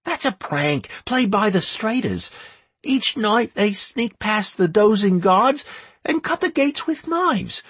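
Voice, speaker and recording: Storybook role: a cheeky toothless village boy, high and very lively, husky edge. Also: takes it slowly, dry recording, heavily acted. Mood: boastful.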